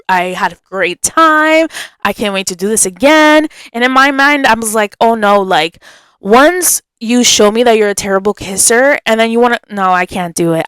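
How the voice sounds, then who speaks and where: A young woman hosting a podcast, telling a story in a chatty, animated way and acting out what people said. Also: medium pitch, clear, resonant tone, no room sound. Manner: animated, chatty, acts out quotes. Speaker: podcast host. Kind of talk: casual storytelling.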